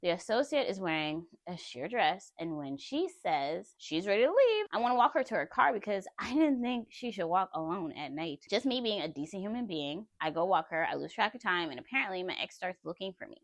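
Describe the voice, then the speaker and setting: A woman vlogger tells her own story with lots of emphasis and frequent laughter. Her pitch swings widely as she talks, and the sound is dry and close with no room echo. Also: brisk, hardly any pauses. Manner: animated, emphatic, laughs often. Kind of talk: personal storytelling.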